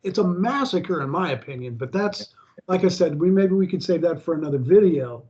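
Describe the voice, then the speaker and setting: An American man chatting casually, rambling with halting restarts. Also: high voice, lively intonation, mellow. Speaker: co-host. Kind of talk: casual chat. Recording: dull lo-fi audio.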